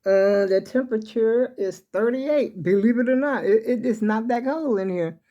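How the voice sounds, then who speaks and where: Recorded with a muffled sound, this fairly high, dark-toned female voice moves at normal speed. She's an older woman chatting in a meandering way to her viewers from her kitchen, a little winded as she vlogs.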